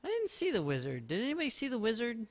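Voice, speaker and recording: A man's voice: very high-pitched, huge pitch swings, rapid-fire. Chatty, rambling male game streamer. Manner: rambling, chatty, self-mocking jokes. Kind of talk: casual live-stream commentary.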